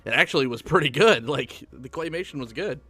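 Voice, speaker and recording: A man's voice: on the high side, expressive, brisk, bright, forceful tone, faint music behind. A man chatting casually about a film on a podcast, laughing easily. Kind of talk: casual chat.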